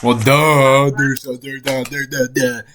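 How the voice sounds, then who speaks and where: A man's voice: medium pitch, level tone, unhurried, a bit bright, a little hiss or hum. Crude, mocking man streamer. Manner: mocking, swearing, blunt. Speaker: streamer reacting to a video. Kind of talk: profane reaction commentary.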